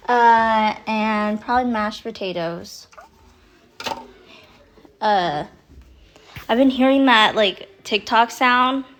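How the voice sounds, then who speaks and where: A young woman streaming live from home on her phone, chatting casually with frequent laughs and swearing. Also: on the high side. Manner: chatty, rambling, swears freely, laughs often. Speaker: livestream host. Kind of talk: casual chat.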